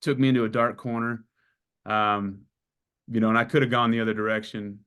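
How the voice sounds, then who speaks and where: A man in his forties talks through his story in a loose, casual interview. He is animated and swears a lot, and he puts on the voices of the people he meets as he goes. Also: medium pitch, brisk, clear, resonant tone. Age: 40s. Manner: animated storyteller, acts out dialogue, swears freely. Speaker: client giving a testimonial.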